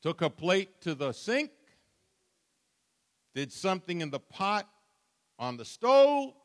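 A man preaching a sermon as pastor, dramatic, swinging from soft asides to loud peaks. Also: high voice, very animated, slow. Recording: long church reverb.

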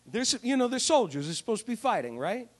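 A man preacher delivering a sermon, retelling a Bible story with animated, jokey storytelling. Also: extremely high pitch, brisk.

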